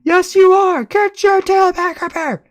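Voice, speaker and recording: A man voicing an angry housemate who yells bossy orders from upstairs in a high, screeching voice. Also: a little slow, dry recording. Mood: yelling.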